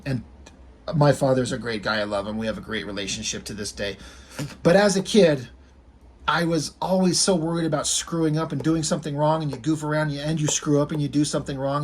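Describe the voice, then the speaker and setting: A man in his thirties or forties talks through comic strips in a loose, rambling way and swears without a second thought. His voice is husky and sits a little high for a man. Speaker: vlogger retelling comic strips. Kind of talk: casual storytelling.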